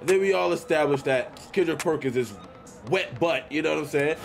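A man's voice: sits high, moderate pace, vocal fry, over loud music. Hyped young man trash-talking over gameplay. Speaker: gaming YouTuber. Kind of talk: casual gameplay commentary.

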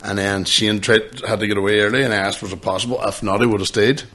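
A man's voice: lowish voice, level tone, fast, fairly bright tone. A man, hosting a podcast and telling rambling, swearing stories between bursts of laughter. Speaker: podcast host. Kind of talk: casual chat.

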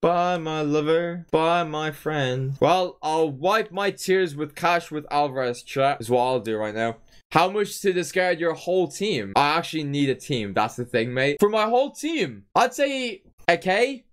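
A man's voice: a little high, big pitch swings, moderate pace, a bit bright. A young man streaming a football game live, talking to his chat with theatrical, repetitive despair and swearing. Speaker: gaming streamer.

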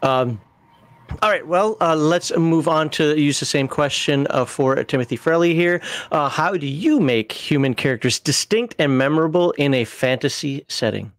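Man hosting a halting panel chat. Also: a little high, no room sound, clean studio sound. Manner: halting, restarts often while framing questions. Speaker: host of a role-playing panel stream. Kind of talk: casual panel discussion.

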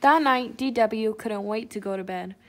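A woman reads a children's picture book aloud in a fairly high voice. Her storytelling is clear and expressive. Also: normal speed. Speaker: storybook reader.

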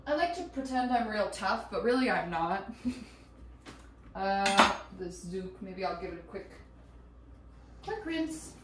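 A woman chatting while she cooks at home, rambling and excitable, swearing casually and laughing as she goes. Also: mid-range voice, slow, pauses often, background noise. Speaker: vlogger. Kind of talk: casual cooking vlog chat. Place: home kitchen. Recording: echoey room, voice a bit far from mic.

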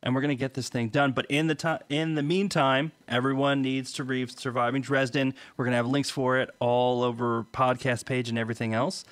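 A man's voice: medium pitch, flat delivery, brisk, hardly any pauses. A man hosting a podcast interview, bantering playfully with his guest. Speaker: podcast host. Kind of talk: casual interview chat.

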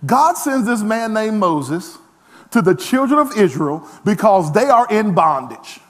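A man preaching a lively sermon as pastor, self-deprecating, with frequent call-and-response asides. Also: high voice, a little slow.

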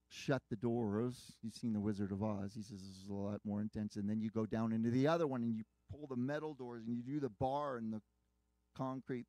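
Warm, low-voiced male preacher telling a story. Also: no echo. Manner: earnest, retelling a story with quoted dialogue. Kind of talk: sermon storytelling.

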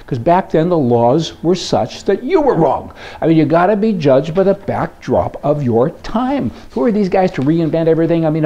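A man's voice: on the high side, mellow. A man hosting an opinion commentary monologue, joking and rambling with lots of rhetorical questions. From Canada. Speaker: host.

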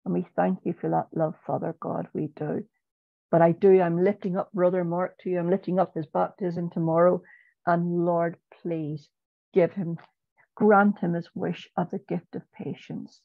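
A woman's voice: lowish voice, level tone, moderate pace, vocal fry, no room sound. A woman in an online prayer group, praying earnestly with repeated pleading phrases. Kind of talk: spoken prayer. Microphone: video call. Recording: dull, dry video-call audio.

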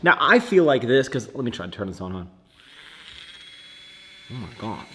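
Animated young man vlogging. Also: quick pace, a little hiss or hum. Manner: animated, joking, swings between loud excitement and low mutters. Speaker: fitness vlogger. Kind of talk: casual vlog to camera.

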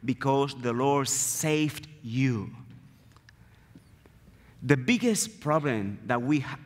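Guest preacher, male, Dominican Spanish accent, native Spanish speaker, mid-range voice, earnest sermon delivery, big church reverb. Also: medium pitch. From Dominican Republic. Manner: earnest, emphatic, repeats key phrases. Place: church sanctuary.

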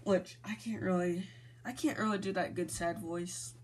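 A woman giving rambling, informal instructions to a voice actor for her fan video, clearing her throat now and then. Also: lowish voice, steady tone, normal speed, slight background noise. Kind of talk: casual spoken instructions.

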